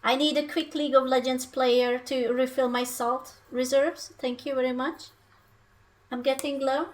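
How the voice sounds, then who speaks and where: A woman's voice: sits high, little pitch movement, moderate pace. A young woman, chatting playfully on a live cooking stream and breaking into silly sing-song noises. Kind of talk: casual live-stream chat while cooking.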